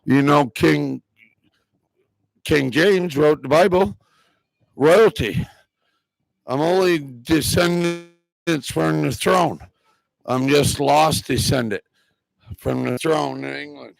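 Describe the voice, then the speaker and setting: Gravelly American man, rambling and earnest, close and dry. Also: fairly high pitch, slow pace, long pauses, dry recording, poor audio. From United States. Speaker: moviegoer interviewed on the street. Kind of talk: casual chat.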